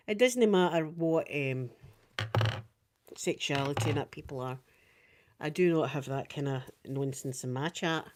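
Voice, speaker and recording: A Scottish woman in her fifties, chatting casually with viewers on a live stream, rambling and swinging up and down in pitch. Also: a little mellow. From Scotland. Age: 50s.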